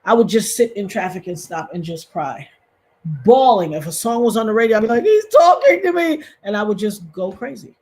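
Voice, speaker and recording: A woman's voice: mid-range voice, fast talker, few pauses, husky. A woman in her fifties hosting a casual livestream, telling a personal story in an emotional, repetitive way and talking straight to her viewers. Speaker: livestream host.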